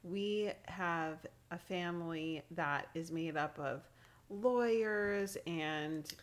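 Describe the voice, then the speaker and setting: A woman's voice: on the low side, slow. A woman chatting as a podcast guest, giggly and agreeable, recorded on one handheld recorder. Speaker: guest, host's sister. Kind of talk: casual chat. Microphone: single handheld recorder.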